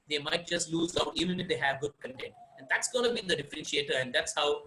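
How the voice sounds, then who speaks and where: A man from India giving a webinar on presentation skills, speaking expressively and playing with pauses and emphasis. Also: fairly high pitch, pushed and bright, low-quality recording. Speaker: webinar speaker, success coach. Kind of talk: online presentation training.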